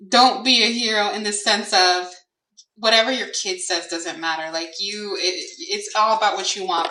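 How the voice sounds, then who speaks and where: Her voice sits at medium pitch with a sharp edge as this tarot and oracle reader works through a relaxed card reading. Hesitant and thoughtful, she talks out loud to Spirit, filling pauses constantly. It was captured from afar in a reverberant room with slight background noise.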